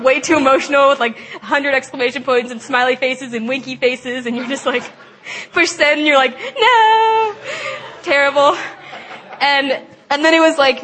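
A young woman giving a personal Christian testimony, chatty and animated, laughing often and saying "like" a lot. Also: on the high side. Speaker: speaker at a Christian gathering.

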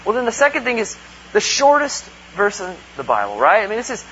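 A man's voice: high voice, huge pitch swings, a little fast, pushed and bright. A man preaching a conversational sermon, earnest, asking rhetorical questions and acting out quotes. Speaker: pastor. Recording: dull lo-fi recording with faint hum.

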